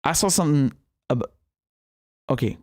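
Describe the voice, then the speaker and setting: A man's voice: medium pitch, expressive, normal speed. A young man hosting a political commentary show, talking casually with heated, profane, sarcastic outbursts and laughing asides.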